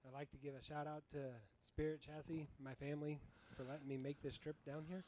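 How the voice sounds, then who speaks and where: A race driver from Colorado introducing himself, halting with fillers. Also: male voice, a little high, level tone, mellow, slight background noise. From Colorado, USA. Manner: hesitant, halting.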